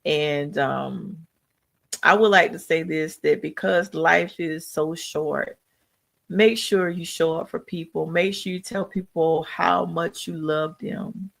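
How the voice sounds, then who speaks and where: A woman's voice: deep voice, fairly even intonation, takes it slowly, vocal fry. A woman hosting a live podcast, speaking in an earnest, encouraging, preacherly way, with speech. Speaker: podcast host. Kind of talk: live podcast tribute talk.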